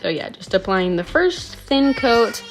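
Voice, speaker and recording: This home nail tutorial host has a slightly high voice with big pitch swings and an unhurried pace, with music playing behind her. She casually walks through applying her nails in a friendly, chatty, instructional way, a bit breathless and full of "um" and "like."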